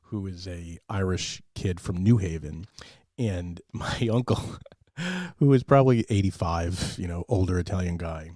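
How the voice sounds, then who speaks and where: A man hosting a podcast, telling a relaxed story with hesitant fillers. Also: sits low, unhurried, no echo, clean studio sound. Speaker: podcast host. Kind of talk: casual podcast chat.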